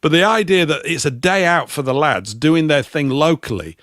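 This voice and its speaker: A man's voice: fairly high pitch, lively intonation, moderate pace, fairly bright tone, no room sound, studio quality. A British man in casual talk-show chat, rambling and opinionated as a co-host.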